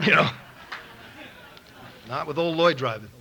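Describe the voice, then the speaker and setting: A middle-aged man from Los Angeles speaking at a recovery meeting, telling an animated story and acting out the quotes. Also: a little high, unhurried, gravelly, slight background noise, poor audio. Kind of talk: storytelling talk. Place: meeting room in a school.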